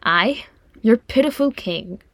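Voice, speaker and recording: A woman's voice: mid-range voice, lively intonation, moderate pace, no echo, close to an everyday voice. A woman reading a proud young male dwarf prince aloud, with a dry, wry delivery in a dry, close recording. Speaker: reader voicing a character. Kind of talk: audiobook fan fiction reading.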